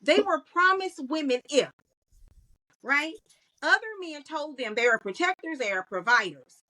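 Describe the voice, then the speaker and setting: A woman, a guest in a podcast interview, talking in an animated storytelling way. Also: sits high, moderate pace, low-quality recording. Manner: animated storytelling, acts out quoted voices. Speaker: guest, content creator.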